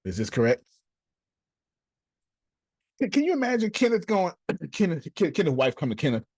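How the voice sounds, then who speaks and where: A man's voice: a little high, sing-song, moderate pace, darkish tone, breathy edge, dry recording. A man teaching a group class in a preachy, playful way, acting out little scenes, with speech. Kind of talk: animated group teaching talk.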